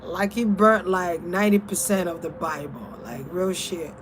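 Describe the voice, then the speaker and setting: A young adult woman spiritual reader talking in a casual vlog, blunt, animated and freely profane. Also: fairly low pitch, moderate pace, a little hiss or hum.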